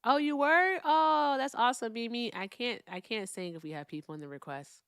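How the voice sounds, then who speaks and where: A woman hosting a live call-in stream, chatting casually and swinging between loud remarks and hushed asides. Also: fairly high pitch, fairly quick, clear, resonant tone, dry recording, studio quality. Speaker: livestream host.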